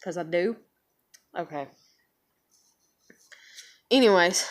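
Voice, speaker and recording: A woman's voice: on the high side, lively intonation, normal speed. A woman vlogger venting to the camera in a casual, frustrated rant that is full of swearing. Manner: frustrated, heavily profane ranting.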